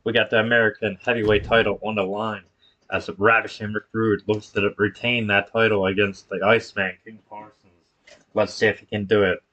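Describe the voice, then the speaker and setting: A man's voice: fairly low pitch, flat delivery, brisk, sharp tone, lo-fi sound. A man streaming a wrestling video game, calling the action play-by-play with casual slang. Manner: casual, hypes viewers with slang.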